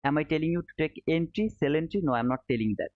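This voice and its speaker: A trading educator streaming live explains charts step by step, repeating his key points, answering chat and calling his viewers "brother." His voice is fairly high and he talks fast. The audio is narrow and phone-like.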